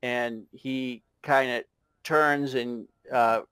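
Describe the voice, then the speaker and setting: A man narrating a tabletop game as game master, halting and chuckling as he goes. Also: medium pitch, steady tone, a bit bright, clear, resonant tone, no echo. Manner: halting, many fillers and restarts, chuckling.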